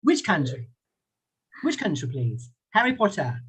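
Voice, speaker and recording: His pitch swoops wildly from a high base, a bit bright with a breathy edge, as this man playfully teaches English online over a video call's computer mic. Thai is his first language, his English carries a British accent, and he keeps chuckling while repeating questions slowly.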